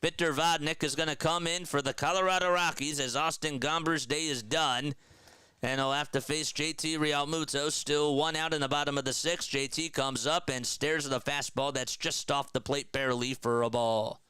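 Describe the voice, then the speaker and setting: A man doing live baseball play-by-play for a stream, trading energetic banter with viewers between pitches. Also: moderate pace, smooth, no room sound.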